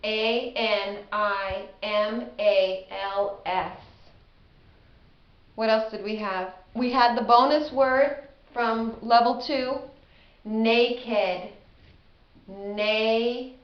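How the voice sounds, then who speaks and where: A middle-aged woman teaching a casual spelling lesson, chatty and self-deprecating, sounding words out slowly. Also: on the high side. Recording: echoey room, slightly dull audio.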